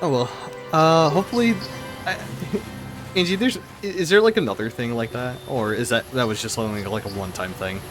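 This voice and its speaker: A man's voice: medium pitch, expressive, moderate pace, music in the background. A man streaming a game who chats casually, laughs often and talks to his viewers. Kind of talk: casual live-stream chat.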